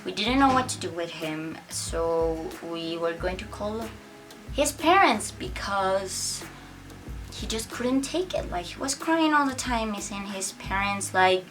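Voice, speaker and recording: A woman's voice: mid-range voice, fairly bright tone, distant mic. A young woman chatting casually to camera as she tells a personal story, filling her talk with "like" and acting out what people said. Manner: chatty, many "like" fillers, acts out quotes. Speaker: vlogger telling a personal story.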